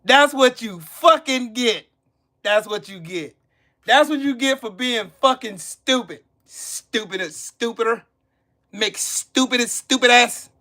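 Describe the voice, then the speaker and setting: A man's voice: very high-pitched, a little slow, pushed and bright. A man hosting a casual livestream commentary, mocking and profane, repeating his jabs. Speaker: channel host.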